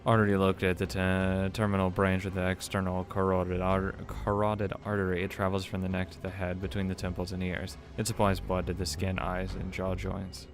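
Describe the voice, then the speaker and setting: Flat, low-voiced man reading a game aloud. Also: a little fast, hardly any pauses. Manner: stumbles and restarts words, swears in asides. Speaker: let's play narrator. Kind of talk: reading a visual novel aloud with casual commentary.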